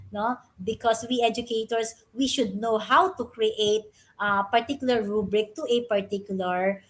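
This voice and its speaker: A middle-aged woman with a slightly high voice delivers an online lecture to fellow teachers. She speaks haltingly, repeating words and filling gaps with "um" and "uh". She often checks in with a quick "no?" or "okay?". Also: fairly bright tone. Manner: frequent fillers and tag "no?". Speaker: webinar speaker.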